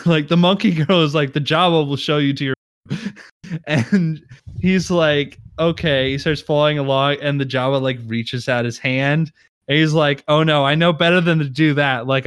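Smooth-voiced man retelling scenes. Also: medium pitch, dry recording, clean studio sound. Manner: laughing, retells scenes with quick put-on voices. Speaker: podcast co-host. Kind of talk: casual chat.

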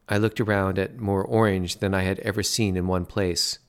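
A man narrating a story in a measured, dry way. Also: low voice, flat delivery, clear, resonant tone.

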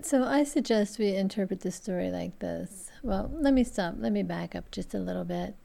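A woman lecturer who reads a fairy tale aloud in a measured, deliberate way and then turns to interpreting it. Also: mid-range voice, lively intonation, gravelly, warm tone.

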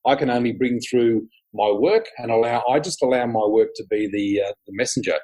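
A middle-aged man with a husky voice, a psychic guest chatting casually and animatedly, acting out what people say. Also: medium pitch, fairly quick, rough recording. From Australia. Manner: animated storyteller, often laughing, acts out quotes. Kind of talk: casual interview chat.

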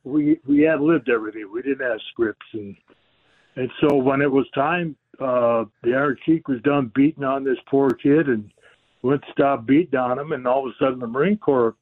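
Guy calling into a radio show, spinning a lively story, tinny phone sound. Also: mid-range voice, normal speed. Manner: lively storyteller acting out quoted voices. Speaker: guest. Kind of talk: telling a story on a radio call-in.

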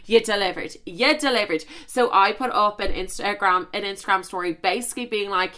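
A young woman hosting a podcast, chatting dramatically and gossiping with quick asides to her listeners. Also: mid-range voice, fairly bright tone. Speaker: podcast host. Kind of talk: casual gossip chat.

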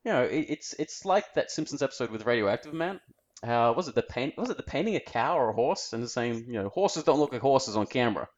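An Australian man co-hosting a podcast in casual chat, relaxed and rambling, often repeating words as he thinks. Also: mid-range voice, fast. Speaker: podcast co-host. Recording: dull lo-fi sound.

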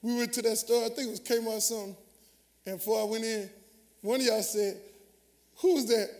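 A man preaches in a large church sanctuary, his voice sitting unusually high for a man. He trades lines with the congregation in a lively, conversational way. Long reverb from the hall trails each phrase. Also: brisk. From Southern US. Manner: call-and-response preaching, animated and conversational. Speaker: pastor. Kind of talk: sermon.

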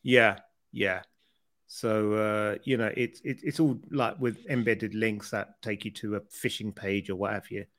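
A man's voice: lowish voice, fairly even intonation, a little slow, fairly bright tone. Chatty British man co-hosting a podcast. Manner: chatty, laughs often, stumbles and repeats words. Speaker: podcast co-host. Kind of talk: casual chat.

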